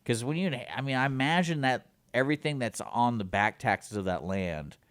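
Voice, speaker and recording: A man co-hosting a radio talk show in casual chat, animated and acting out imagined exchanges. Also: mid-range voice, normal speed, smooth, dry recording. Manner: animated, acts out imagined dialogue.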